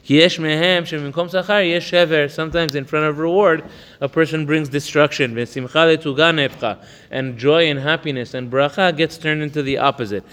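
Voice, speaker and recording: A man leads a study session on a religious text. He races through Hebrew passages, then explains them in English in a chatty way, tossing in "right?" as he goes. His voice is smooth and resonant, and it trails off in a long reverb. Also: fairly high pitch, fairly even intonation, fast talker, a bit bright. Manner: chatty, asks "right?" often. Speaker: Torah teacher.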